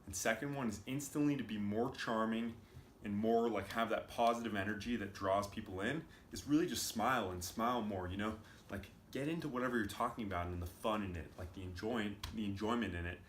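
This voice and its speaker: A man's voice: on the low side, a little fast, a bit bright. A man giving a loose, casual commentary full of fillers as he explains clips. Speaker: video commentator. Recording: roomy with faint noise.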